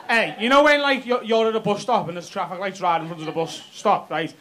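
A man's voice: high voice, fairly even intonation, a little fast, few pauses, sharp tone. A man with a Liverpool accent doing brash, sweary stand-up crowd work in a comedy club. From Liverpool, England. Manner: brash, sweary, teasing banter. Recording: live club with audience noise.

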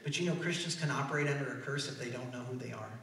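A man with a Midwestern American accent, a pastor preaching an animated sermon that swings between loud declarations and soft asides. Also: medium pitch, racing, far from the mic. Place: large church hall. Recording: echoey church hall, heard from afar.

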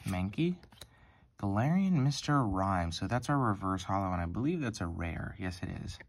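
Sleepy low-voiced man. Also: animated, moderate pace. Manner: soft-spoken and hesitant, many ums and likes, near-whispering. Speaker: card-opening channel host. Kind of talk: casual pack-opening vlog.

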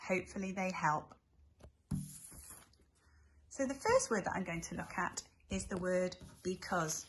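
A woman teaching young children spelling tips in a gentle, sing-song way, spelling letters out slowly. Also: medium pitch, a little hiss or hum. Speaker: infant school teacher.

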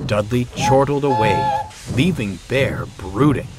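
A man narrating a storybook tale in a measured, expressive way. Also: fairly low pitch, husky. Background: music.

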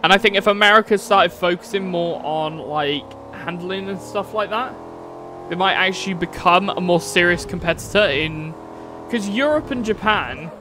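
A rambling man with a fairly high voice chats casually to his viewers while he plays, cursing now and then. Loud racing car engine noise runs behind him the whole time. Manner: rambling, chatty, swears casually. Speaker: streamer. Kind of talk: casual live-stream chat while racing. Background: racing game engine noise.

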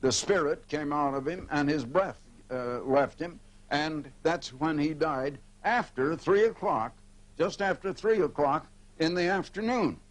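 Older preacher explaining scripture. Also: male voice, fairly high pitch, rough recording. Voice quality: pauses and fillers as he speaks freely. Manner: explanatory preaching, reads scripture aloud slowly and comments between verses. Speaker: evangelist broadcaster. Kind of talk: televised sermon.

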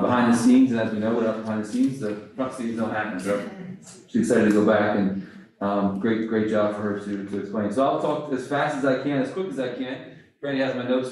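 Brisk man, principal type, rushing a report; low flat voice heard far off in a reverberant hall. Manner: quick, rambling with many fillers. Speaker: school principal. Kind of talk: reading a report at a board meeting. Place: school board meeting room. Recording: echoey room, voice from far off.

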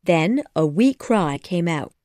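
A woman narrates a storybook with expressive, measured delivery. She reads slowly with a lively, rising and falling pitch, and the recording is close and dry. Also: no echo. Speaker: audiobook narrator.

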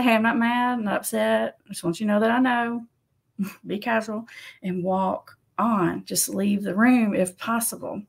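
A woman who works as an addiction counselor, giving casual advice to camera in a conversational, animated way. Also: medium pitch, creaky. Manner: conversational, animated, laughs often, acts out quotes.

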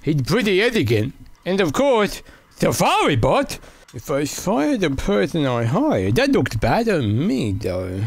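A man playing a VR office game and joking through it as he goes, excitable and goofy, with sudden yelps and shouts. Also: a little high, measured pace, gravelly, no echo. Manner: jokey, mock-serious asides to the viewers. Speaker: gaming video creator.

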